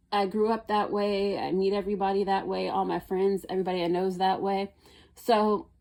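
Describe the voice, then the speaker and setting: A woman's voice: mid-range voice, a little mellow. A young woman telling a rambling, blunt story about dating, often exasperated as she quotes people.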